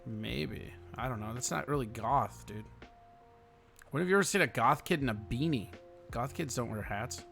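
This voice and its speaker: A man's voice: mid-range voice, moderate pace, vocal fry, a bit bright, soft background music. A man hosting a casual livestream, reading chat comments aloud and answering them bluntly, with lots of swearing, sighs and yawns. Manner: frequent yawning and sighing.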